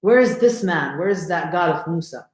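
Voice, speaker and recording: A man's voice: a little high, animated, moderate pace, echoey room, lightly acted. A man doing a mocking arrogant tyrant king. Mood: scornful. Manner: scornful, mocking.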